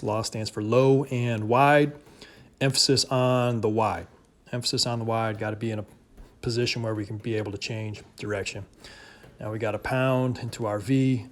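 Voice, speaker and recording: A young adult man in his home garage, giving steady, casual basketball workout instruction in a voice-over. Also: mid-range voice. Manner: calm, steady coaching with casual fillers. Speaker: basketball trainer.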